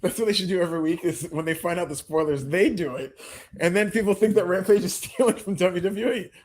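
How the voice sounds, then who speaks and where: A man co-hosting a podcast in casual chat, easygoing, opinionated and quick to laugh. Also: high voice, darkish tone. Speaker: podcast co-host.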